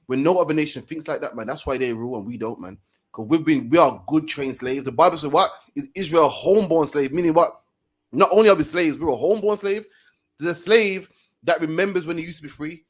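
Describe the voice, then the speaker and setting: A man hosting a casual commentary show, talking in a forceful, preachy way and often ending phrases with "man". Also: fairly high pitch, breathy edge. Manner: fast, forceful, preachy, keeps saying "man". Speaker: host.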